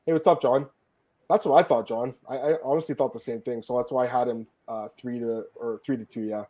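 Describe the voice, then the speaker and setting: A man hosting a casual sports podcast, talking fast and excitedly, swearing and laughing often. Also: mid-range voice. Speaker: podcast host.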